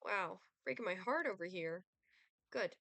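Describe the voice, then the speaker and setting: A woman's voice: mid-range voice, lively intonation, unhurried, creaky, bright, forceful tone, no room sound, heavily acted. A woman voicing an aloof male Grim Reaper, reading his game lines in a cool, clipped, formal way. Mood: cold, formal. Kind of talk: reading game dialogue aloud.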